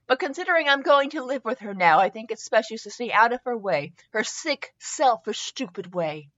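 In dull lo-fi podcast audio, a young comedy host reads a fanfiction aloud, mocking it and spelling out the misspellings. Her voice is a little high, animated, and fairly bright, at a moderate pace.

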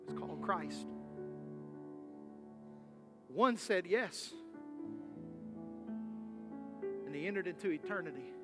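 A man preaching a sermon with passion, acting out Bible figures and swinging from loud to soft. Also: high voice, lively intonation, a little slow, over music.

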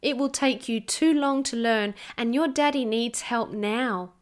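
A woman voicing a gentle, patient grown man in a storybook, speaking softly and plainly. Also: fairly high pitch, unhurried, natural voice. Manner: soft and gentle. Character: gentle patient adult man, kind listener.

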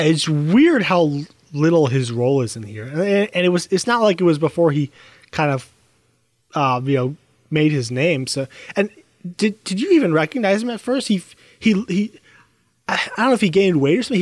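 A man's voice: a little high, sing-song, normal speed, no echo. A man co-hosting a casual film review podcast, speaking hesitantly with many fillers.

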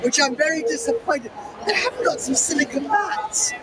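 A woman baker being interviewed at a busy baking show, animated and laughing, her voice going hoarse with a cough. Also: high-pitched, moderate pace. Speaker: guest baker. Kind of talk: chatty interview at a live show. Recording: loud crowd at a busy show. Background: crowd chatter and noise.

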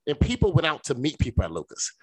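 A man's voice: on the high side, huge pitch swings, quick pace, breathy edge, no echo. A man co-hosting a podcast, talking in casual chat in an earnest, reflective way and speaking straight to his co-host.

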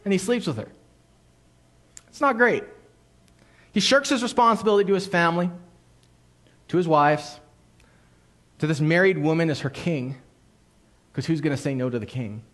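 A man preaching a sermon as a pastor, telling the story in an animated way, acting out quotes and dropping suddenly to a hush. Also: fairly high pitch, normal speed, long pauses.

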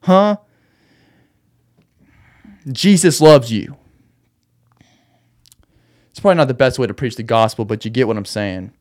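A man's voice: on the low side, very fast, few pauses. Wound-up man venting late at night. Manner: rambling, restless, laughs while angry. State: agitated, wound up. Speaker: podcast host. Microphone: podcast microphone.

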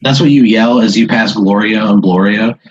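A man's voice: fairly low pitch, moderate pace, husky, no echo, lo-fi sound. A man hosting a casual chat, spinning an improvised story full of quoted voices and laughter. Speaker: host.

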